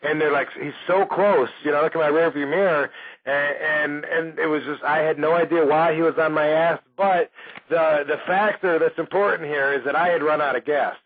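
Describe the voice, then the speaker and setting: A man's voice: on the high side, fairly even intonation, normal speed. A man hosting a talk radio show, telling a story in a rambling, profane way and laughing as he goes. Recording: phone-like lo-fi radio audio.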